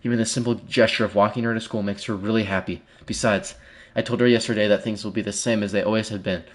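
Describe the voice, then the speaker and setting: A man's voice: fairly low pitch, fairly even intonation, quick pace. Jittery male streamer reading game text. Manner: swings from hushed, fearful muttering to loud startled exclamations; repeats short phrases over and over. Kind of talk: live gameplay commentary and reading game text aloud.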